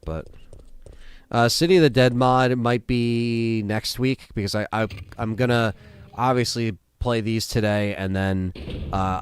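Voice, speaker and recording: Tired low-voiced man rambling on stream. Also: clean tone. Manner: rambling, lots of fillers and restarts. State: tired, yawning. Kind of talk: casual live-stream chat.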